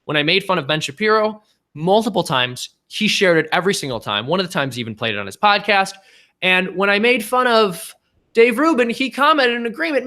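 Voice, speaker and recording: A man's voice: sits high, sharp tone. A man hosting a casual live stream, talking in a long-winded, rambling, self-deprecating way.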